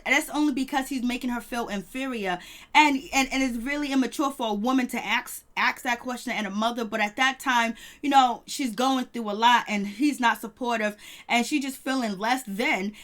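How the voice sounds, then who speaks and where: A woman reviewing reality TV in casual chat, animated, laughing often and mimicking the people she talks about. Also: on the high side.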